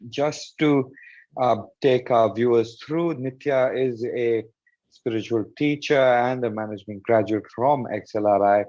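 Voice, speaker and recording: A man's voice: medium pitch, measured pace, a little mellow. A man hosting an online session, thanking the speaker and politely asking questions with some hesitation. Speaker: host. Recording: muffled lo-fi audio.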